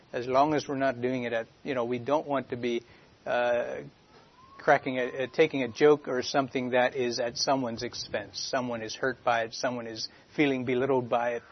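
Man at middle pitch, unhurried church teacher, hesitant and searching, dull lo-fi sound. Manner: halting, searching for words. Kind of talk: informal Bible teaching. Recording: dull lo-fi recording.

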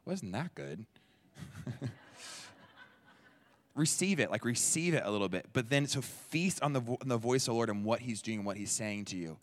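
A man preaching a sermon in a church, talking in a conversational, energetic way and acting out quoted people. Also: moderate pace, long pauses. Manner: conversational and energetic, jumps into playful high-pitched voices for quoted people. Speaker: pastor.

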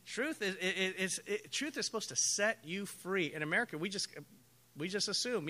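A man preaching a sermon as pastor, telling stories with animated acted-out quotes. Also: high-pitched, moderate pace. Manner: animated storytelling, acts out quoted voices.

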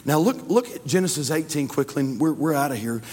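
A man, a pastor preaching a sermon in a church, swinging between loud fervor and hushed tones. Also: on the high side, lively intonation, fairly quick, husky, in a large hall. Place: church sanctuary.

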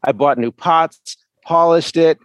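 A middle-aged man co-hosting a chat show, reading a listener's email aloud in a deliberate way. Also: a little high, clear, resonant tone, dry recording. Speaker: co-host.

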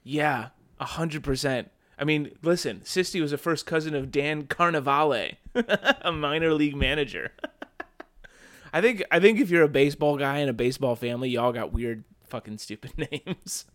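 A man's voice: fairly high pitch, moderate pace, a bit bright. A man co-hosting a podcast, joking in casual chat and laughing often. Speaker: podcast co-host.

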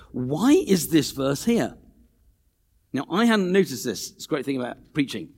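A man preaching a sermon in a church, earnest and animated, repeating phrases and acting out quoted voices. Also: mid-range voice, normal speed, creaky, husky.

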